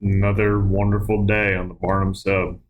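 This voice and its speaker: Deep-voiced deadpan tabletop player. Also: moderate pace, phone-quality sound. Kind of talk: playing a character in a tabletop game.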